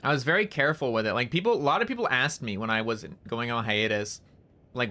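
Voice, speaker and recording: A man's voice: medium pitch, lively intonation, quick pace, sharp tone. A man streaming a game, chatting casually in a rambling, candid way and swearing freely. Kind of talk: casual chat while gaming.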